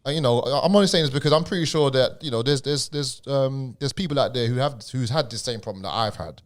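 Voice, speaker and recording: A young man with a noticeable stammer, chatting on a podcast. He talks in a halting, casual way, repeating words and dropping slang. His pitch sits in an ordinary middle range. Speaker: podcast guest and DJ.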